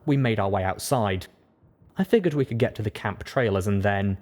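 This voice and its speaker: Male audiobook narrator, lowish register, measured first-person reading. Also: darkish tone, slight background noise.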